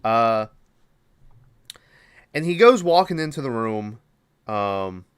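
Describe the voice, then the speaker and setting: Podcast guy recapping a movie, swears a lot, wanders off track, smooth clear voice. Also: mid-range voice, big pitch swings, slow. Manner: rambling, profane, loses track and backtracks. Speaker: podcast host.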